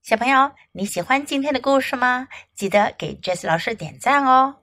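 A woman hosting a children's English lesson, encouraging and sing-song, repeating phrases slowly. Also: sits high, expressive, bright, forceful tone, no room sound. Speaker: English teacher and podcast host.

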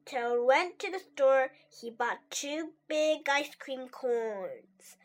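A woman's voice: high-pitched, extremely slow, hardly any pauses. A woman whose first language is Mandarin Chinese, hosting a children's story show and reading a story aloud in a sweet, upbeat, teacherly tone. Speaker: children's story podcast host.

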